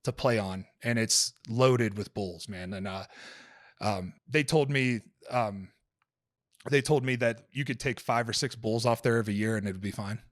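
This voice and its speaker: A man's voice: lowish voice, moderate pace, no room sound. Swearing, rambling male storyteller, dry sound. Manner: profane, rambling storyteller with many fillers. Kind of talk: casual podcast conversation.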